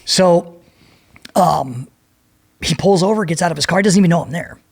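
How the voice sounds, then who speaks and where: Gravelly, husky man telling a story. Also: on the high side, moderate pace. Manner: profane, animated, acts out voices in his anecdote. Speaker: podcast guest. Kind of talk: storytelling in a casual interview.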